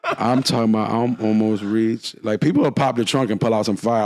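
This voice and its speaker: A man's voice: lowish voice, fairly even intonation, brisk, a little mellow, no echo. A man telling a long story on a casual podcast, acting out the quotes.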